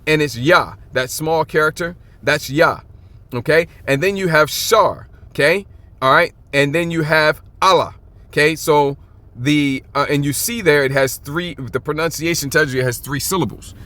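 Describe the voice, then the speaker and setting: A man teaching from the Bible in an informal, emphatic way, often checking in with "okay?" and reading verses slowly and drawn out. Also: fairly high pitch, bright, forceful tone, no echo. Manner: reads scripture aloud slowly and stretched out.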